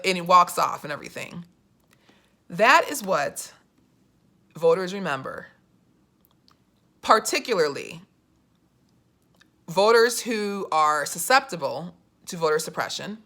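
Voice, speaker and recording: A young woman with a bright, clear voice vlogs about politics in a loose, chatty way. She tells her story with lots of "you know" and jumps into quoted voices as she goes, then comes back to firm, pointed commentary. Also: fairly low pitch, measured pace, long pauses. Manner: animated storytelling, acts out quoted voices, many fillers. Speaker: political vlogger. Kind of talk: casual political commentary vlog.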